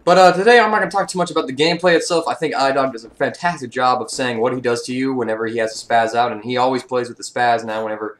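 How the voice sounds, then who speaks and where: Fast-talking young man rambling over gameplay. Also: mid-range voice, steady tone. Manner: rambling, many fillers and restarts. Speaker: gaming YouTuber. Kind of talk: casual commentary over gameplay.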